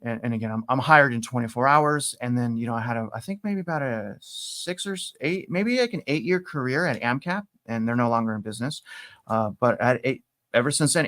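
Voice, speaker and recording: A middle-aged man spins a casual story for a podcast, his voice sitting at an ordinary middle pitch. He repeats words as he gathers his thoughts and leaps higher when he acts out his own past lines. The sound is close and dry. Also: a little fast, no echo. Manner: animated, repeats himself, acts out quotes with rising pitch. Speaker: podcast guest.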